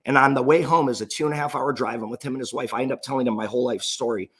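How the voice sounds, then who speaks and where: A man's voice: mid-range voice, steady tone, rapid-fire, fairly bright tone, husky. A man in his thirties, an entrepreneur, telling his personal story in an earnest, emotional way, often restarting his sentences. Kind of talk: motivational personal story talk.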